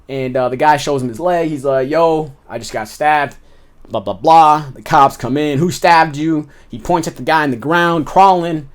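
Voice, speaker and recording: Animated man telling prison stories. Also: fairly high pitch. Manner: street slang, animated retelling with repeated phrases. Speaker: former inmate telling stories. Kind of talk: casual storytelling.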